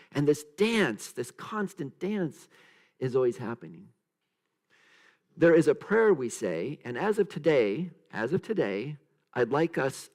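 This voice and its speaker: A man minister giving a sermon in a church, animated, acting out quoted voices, with many restarts. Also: mid-range voice. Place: church sanctuary.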